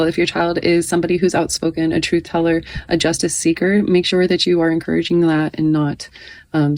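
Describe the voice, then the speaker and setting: A woman's voice: fairly low pitch, poor audio. A woman in her thirties giving a casual, chatty tarot reading, often reading card text aloud.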